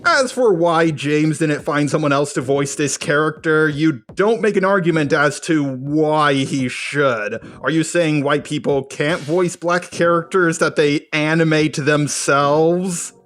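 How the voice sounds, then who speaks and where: A man's voice: fairly high pitch, unhurried, hardly any pauses, fairly bright tone. A man doing a sarcastic, combative rebuttal commentary voice-over, swearing now and then. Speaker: commentary youtuber.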